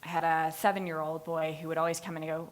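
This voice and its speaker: Her voice sits low and she talks fast. Presenting her capstone to the class, this student animatedly spins stories, acting out scenes and laughing at her own tales.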